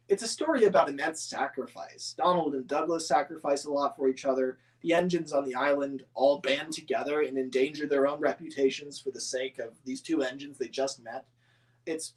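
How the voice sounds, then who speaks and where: A man rambling enthusiastically as a model-making hobbyist answering viewer questions, with many fillers and restarts. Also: fairly high pitch. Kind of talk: casual chat.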